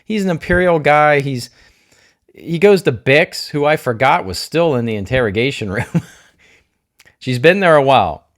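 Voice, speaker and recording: With a fairly high, lively voice, a man reviews a TV episode casually and with spoilers, keeping a measured pace and pausing often. He thinks out loud, poses questions to himself, cracks jokes, and gushes emotionally over his favorite scenes.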